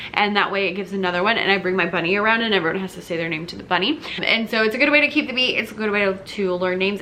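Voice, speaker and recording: Woman, elementary music teacher; casual upbeat tips, bright tone, mid pitch. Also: slight background noise. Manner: chatty and upbeat, with many fillers and short sung snippets.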